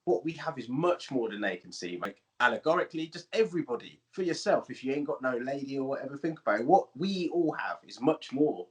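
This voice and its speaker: A man's voice: medium pitch, animated, brisk, few pauses. A man in a reflective, casual podcast chat who keeps checking in with his listener. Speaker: podcast co-host.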